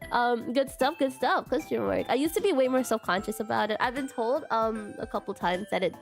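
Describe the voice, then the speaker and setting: Young woman streamer, high voice all over the place, giggly, keeps saying question mark, faint music behind. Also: lively intonation, fairly quick, vocal fry. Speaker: VTuber streamer. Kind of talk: casual Q&A stream chat.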